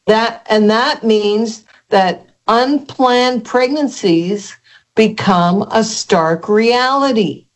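An older woman, a guest in an interview, telling her personal testimony in an earnest, halting way with many restarts. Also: a little high.

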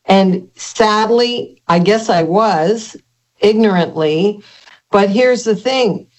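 An older woman, a guest in an interview, telling her personal testimony in an earnest, halting way with many restarts. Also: mid-range voice, a little mellow.

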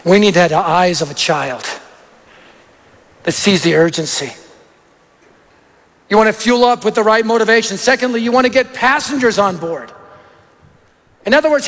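High-voiced preacher in an echoey hall. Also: male voice. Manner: animated, anecdotal, punchy lists. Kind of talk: sermon with storytelling.

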